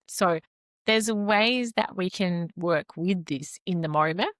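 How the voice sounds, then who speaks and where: A woman, a nervous system expert, explaining things calmly in a podcast interview. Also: lowish voice, no echo, studio quality. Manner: calm, explanatory, animated with sing-song asides.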